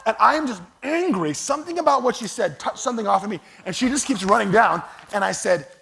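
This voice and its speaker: A man's voice: high voice, animated, fast talker, gravelly, bright, forceful tone. A man preaching a sermon as pastor, conversational and storytelling, with self-deprecating humor. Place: church sanctuary.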